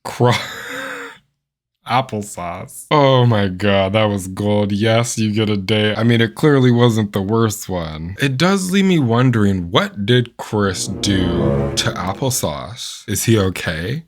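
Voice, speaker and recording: A man hosting a comedic reaction video, talking in an animated, incredulous way and firing off rhetorical questions. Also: fairly low pitch, a little slow, hardly any pauses. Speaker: host reacting to dating app voice notes.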